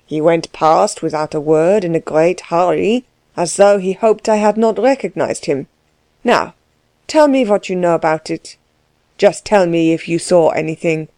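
A woman's voice: lowish voice, measured pace, warm tone, dry recording. Woman voicing Dellwig, a curt, bullying man. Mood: menacing. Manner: curt, pushy questioning. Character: gruff, overbearing middle-aged man, blunt and menacing.

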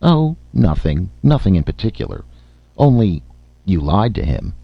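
A man's voice: sits low, big pitch swings, a little slow, creaky, slightly rough, dry recording, exaggerated voice. A man voicing an insolent, sneering male dwarf who talks in an elaborate mocking drawl. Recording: slightly muffled lo-fi recording.

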